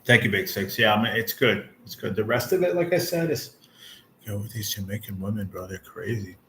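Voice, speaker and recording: Fairly low-pitched yet a bit bright, this forties-aged channel host speaks fairly quickly with lively intonation, over a little hiss or hum. He chats casually and directly with his livestream viewers and chat, venting bluntly and swearing frequently.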